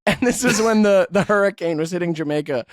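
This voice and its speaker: Man, high voice, dry close sound, teasing podcast banter, chuckling. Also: lively intonation, fast talker, dry recording. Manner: teasing, chuckling, loose phrasing. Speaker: podcast co-host. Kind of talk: casual podcast chat.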